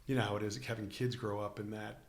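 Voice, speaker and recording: A middle-aged man from Chicago, an actor guest telling lively anecdotes in a casual interview. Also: lowish voice, quick pace. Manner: animated anecdotes, acts out quoted voices.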